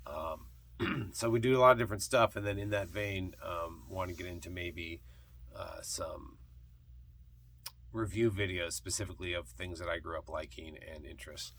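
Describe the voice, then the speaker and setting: A man's voice: deep voice, moderate pace, a bit bright, a little hiss or hum. A man hosting a casual vlog about thrift-store records, rambling with lots of ums and uhs. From partly Scottish heritage. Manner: rambling, with many fillers and restarts. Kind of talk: casual chat.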